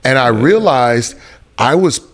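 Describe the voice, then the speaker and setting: A man's voice: mid-range voice, expressive, slow, fairly bright tone. A man speaking as an interview guest, telling a personal story in an earnest, searching way and repeating phrases for emphasis. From Houston, Texas.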